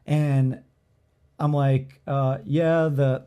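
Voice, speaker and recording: A man co-hosting a podcast, telling a story in casual chat, animated, swearing freely and acting out the dialogue with lots of "like". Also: medium pitch, very slow, clean tone. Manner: filler-heavy, lots of "like" and "I'm like".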